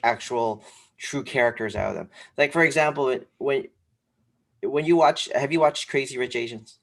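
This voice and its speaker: A man co-hosting a casual podcast, talking in a rambling, animated way with lots of fillers. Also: medium pitch. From came to this country when young. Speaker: podcast co-host. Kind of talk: casual sneaker podcast chat.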